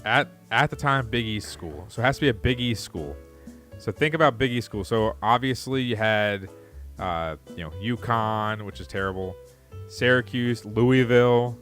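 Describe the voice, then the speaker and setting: A man's voice: on the low side, moderate pace, fairly bright tone, faint music behind. A man co-hosting a podcast, reading trivia questions aloud and stumbling over words with laughs in casual chat.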